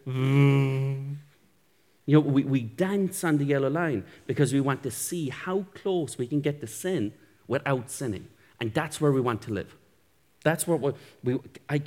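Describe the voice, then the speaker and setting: A man's voice: a little high, mellow. A male pastor giving a sermon in a conversational, self-deprecating way, often chuckling. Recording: echoey hall reverb.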